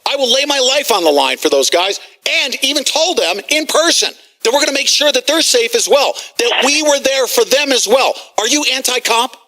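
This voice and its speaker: A man hosting a talk radio show, ranting agitatedly, shouting and swearing at callers and officials. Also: extremely high pitch, animated, normal speed, hardly any pauses. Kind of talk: heated talk radio rant.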